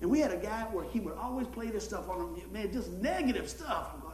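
A man, a pastor telling folksy, animated stories in a sermon and acting out the people in them. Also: high voice, brisk, slight background noise. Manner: folksy, animated storytelling with acted-out quotes and laughter. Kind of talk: storytelling sermon. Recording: echoey room.

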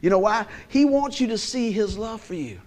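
High-voiced pastor preaching with humor. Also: male voice, animated, normal speed, a little mellow. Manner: conversational, humorous preaching, call-and-response. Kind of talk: sermon.

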